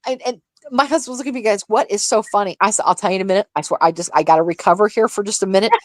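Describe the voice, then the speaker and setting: A woman co-hosting a casual livestream chat, telling gossip in an animated, profane, laughing way. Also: medium pitch, very fast, dry recording. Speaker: livestream co-host.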